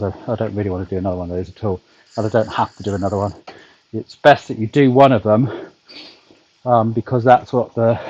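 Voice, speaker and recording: A British vlogger rides an indoor turbo trainer at home in his back garden while chatting casually to his livestream, rambling with lots of ums and dry humour. His voice is fairly low and darkish, with no echo but dull audio.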